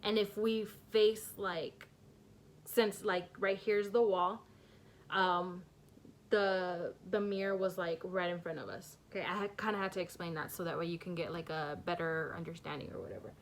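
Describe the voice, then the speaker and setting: A woman's voice: fairly low pitch, fairly even intonation, moderate pace, a little hiss or hum. A young woman telling a personal story in a casual vlog, rambling with many fillers and nervous laughs. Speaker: vlogger.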